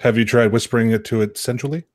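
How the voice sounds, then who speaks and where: A man making quick wisecracks during a casual livestream chat. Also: medium pitch, steady tone.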